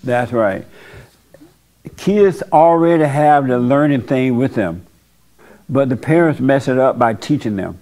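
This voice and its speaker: A man's voice: mid-range voice, lively intonation, a little slow, pauses often, dark tone. A man hosting a church talk show, telling stories in a folksy, blunt preaching manner. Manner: folksy storytelling with blunt opinions. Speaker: host and pastor. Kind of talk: casual preaching chat.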